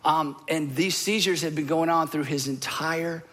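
A male pastor preaching with a high, bright, forceful voice. He delivers the sermon earnestly, repeats phrases, and lingers on the emotional lines. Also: steady tone, normal speed.

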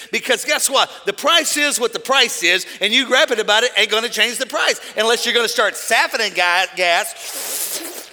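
A middle-aged man preaching a lively sermon, telling stories in quiet asides and then shouting his points. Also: normal speed, in a large hall. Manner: storytelling, swings from low asides to shouted preaching. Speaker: pastor. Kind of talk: energetic sermon.

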